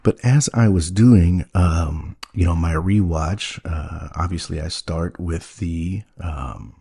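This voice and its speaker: Man, very deep voice, husky, halting delivery, naive deadpan comedy storytelling. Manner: halting, full of ums and you-knows; earnest, wide-eyed naive. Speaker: podcast host playing a naive character.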